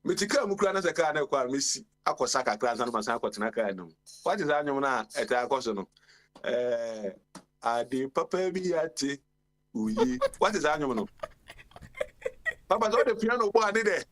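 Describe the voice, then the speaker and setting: A man's voice: mid-range voice, expressive, normal speed, a bit bright. A man rambling on a radio talk show. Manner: rambling, exclamatory, often calls out "Papa". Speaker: radio guest.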